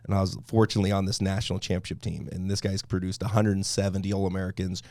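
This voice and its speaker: A man, a podcast guest, telling stories in a casual, animated way and laughing often. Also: sits low, very fast, creaky, no room sound, clean studio sound. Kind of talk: casual storytelling.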